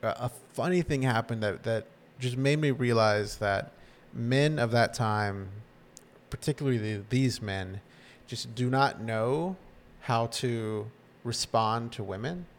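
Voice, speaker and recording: A man's voice: mid-range voice, slow pace. A man co-hosting a podcast, casually recapping a TV episode and acting out the characters' lines. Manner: animated retelling, acting out lines. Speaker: podcast co-host recapping a show. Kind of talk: casual chat.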